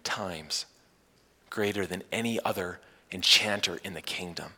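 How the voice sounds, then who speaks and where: A man preaching a Sunday sermon as pastor, animated, with playful asides to his congregation. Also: low voice, measured pace, husky, big-room sound.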